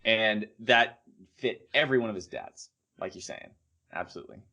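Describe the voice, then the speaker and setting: Chatty man in a relaxed podcast talk. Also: lowish voice, normal speed. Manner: relaxed, chatty, agrees often with short yeahs. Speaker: podcast co-host. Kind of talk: casual anime podcast chat.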